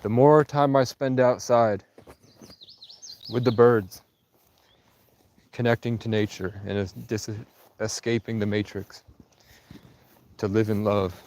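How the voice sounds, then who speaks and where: A man's voice: fairly low pitch, fairly even intonation, takes it slowly, pauses often, a little mellow, slight background noise. A man livestreaming outdoors in the countryside, rambling casually and answering viewers' comments. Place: outdoors in rural Vermont.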